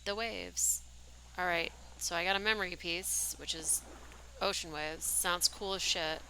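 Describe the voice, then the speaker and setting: A woman's voice: fairly low pitch, unhurried, sharp tone, a little hiss or hum, rough recording. A young woman streaming a game, chatting casually and rambling, with lots of "like" and "um". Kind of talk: casual livestream commentary.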